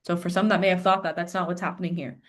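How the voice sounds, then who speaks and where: A woman's voice: fairly low pitch, level tone, very fast. Woman teacher walking students thru arabic grammar online, patient, lots of "yeah, good". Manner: encouraging, explains patiently with frequent "yeah" and "good".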